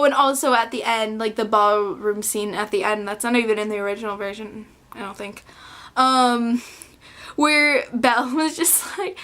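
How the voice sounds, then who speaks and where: Rambling young woman vlogger, slightly high. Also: fairly bright tone. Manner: rambling, filler-heavy, self-interrupting. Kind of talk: casual film review vlog.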